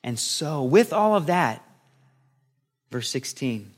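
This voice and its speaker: A middle-aged man preaching a sermon as pastor, lively and playful, acting out little scenes as he teaches. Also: fairly high pitch, takes it slowly.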